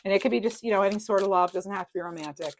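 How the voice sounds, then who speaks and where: A woman giving a casual tarot reading to camera. She is chatty, gentle and sympathetic, thinks aloud and often laughs. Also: medium pitch, very fast, a little hiss or hum. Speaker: tarot reader.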